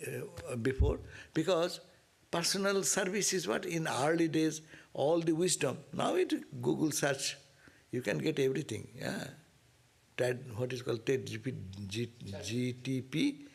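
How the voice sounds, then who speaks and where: Gravelly monk lecturing. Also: male voice, on the high side, expressive, a little slow. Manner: explains Sanskrit verses line by line, with frequent rhetorical "no?". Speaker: monk and spiritual teacher. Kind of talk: scripture class lecture.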